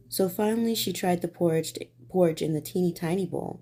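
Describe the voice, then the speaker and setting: A woman reads a bedtime story in a gentle, soothing way. Her voice is mellow and warm, set a little low. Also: brisk.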